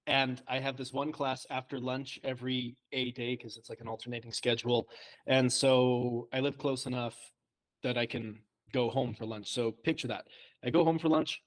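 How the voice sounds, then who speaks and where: A young man chatting casually on a podcast, telling self-deprecating stories and laughing often. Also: medium pitch. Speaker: co-host, trainee.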